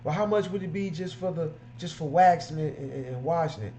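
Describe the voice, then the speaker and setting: A man's voice: a little high, fairly quick, mellow, a little hiss or hum, close to an everyday voice. A man voicing a hesitant female customer who stammers while haggling over a price.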